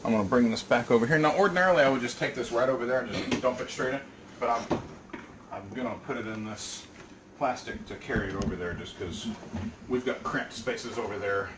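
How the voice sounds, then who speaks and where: A man's voice: mid-range voice, fairly quick. A man hosting a casual cooking demonstration in a home kitchen. He talks the viewer through each step and keeps checking in with "right?". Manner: chatty, explains as he works, asks "right?". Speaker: cooking show host. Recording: echoey kitchen, mic far off, loud background noise.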